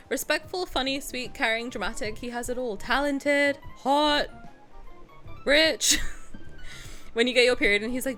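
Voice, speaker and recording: Young woman streamer, casual reaction chat, bubbly and laugh-prone. Slightly high voice, faint music under. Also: animated, moderate pace, pushed and bright. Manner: bubbly, gushing, often breaks into laughter.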